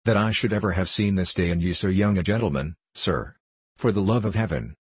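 A man's voice: low-pitched, normal speed, slightly rough, no room sound. A man reading aloud as a devoted, fretful elderly head clerk who pleads anxiously. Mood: pleading.

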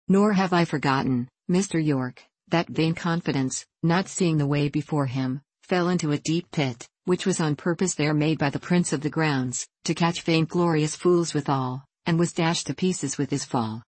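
A stern, dignified clergyman speaks in formal, measured phrases as a woman reader voices him. The voice is low and the recording dry and close. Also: a little mellow, no room sound.

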